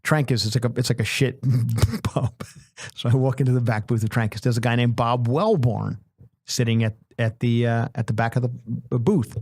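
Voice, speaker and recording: A man hosting a comedy podcast, telling a long story in an animated, self-mocking way that often repeats itself. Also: medium pitch, moderate pace, breathy edge, no room sound. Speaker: podcast host.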